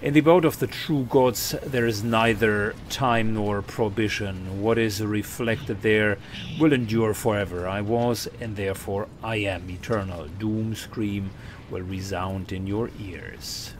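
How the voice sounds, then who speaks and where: A man voicing a proud, solemn male warrior of a wolf clan, reading game dialogue aloud in a rough put-on Scottish brogue. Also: lowish voice, steady tone, unhurried, a little hiss or hum, close to an everyday voice.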